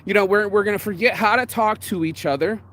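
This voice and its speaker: A man's voice: high-pitched, fairly bright tone, a little hiss or hum. A man giving a blunt, profane motivational talk in a casual vlog. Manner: blunt and profane, with quick acted quotes. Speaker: motivational vlogger.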